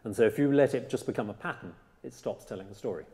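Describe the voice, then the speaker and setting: A man teaching a cello master class, coaching a student with lively, detail-fussy remarks. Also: medium pitch, fast. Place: concert hall. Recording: reverberant hall with music.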